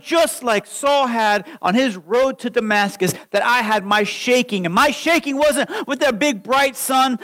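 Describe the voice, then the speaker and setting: A man preaching a sermon, telling his own testimony with animated storytelling that swings from hushed lines to loud ones. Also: very high voice, low-quality recording. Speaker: pastor.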